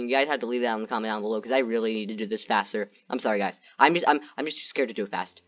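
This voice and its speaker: A man's voice: lowish voice, racing, hardly any pauses, fairly bright tone, muffled recording. A man doing gameplay commentary who rambles nervously, repeats himself and keeps talking to his viewers. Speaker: gaming YouTuber.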